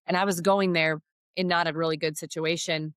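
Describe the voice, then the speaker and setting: A woman's voice: low voice, fairly even intonation, a little fast, fairly bright tone, clean tone, no room sound. Earnest middle-aged woman, dry close sound. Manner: earnest, heartfelt storytelling. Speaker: podcast guest. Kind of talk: faith testimony in conversation.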